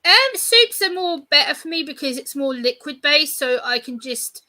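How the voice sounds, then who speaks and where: A woman in her thirties, a guest in a casual interview, telling stories in an animated way and acting out exchanges. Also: high-pitched, normal speed. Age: 30s. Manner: animated storyteller, acts out exchanges.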